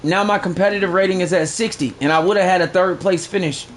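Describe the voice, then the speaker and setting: A man livestreaming a game, chatting casually in a boastful, profane, slangy way that gets loud when excited. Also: high-pitched, fast talker, a little hiss or hum. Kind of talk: casual live-stream chat.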